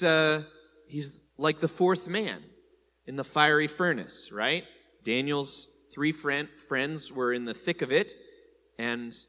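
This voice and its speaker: In a large hall, a man with a mid-range voice teaches a sermon conversationally to a congregation. He keeps asking "right?" and raises his voice on key points with animated energy.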